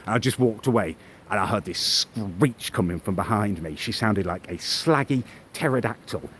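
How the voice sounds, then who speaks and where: A man's voice: lowish voice, animated, moderate pace, fairly bright tone, slight background noise. A man, recording a comedic vlog rant on a phone, telling a story in a smug, sneering way. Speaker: vlogger.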